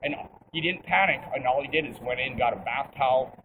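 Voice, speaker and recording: A man's voice: mid-range voice, a little fast, background noise. A young man casually telling a rambling, profane anecdote outdoors, recorded on a phone. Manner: rambling, profane, laid-back. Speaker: storyteller.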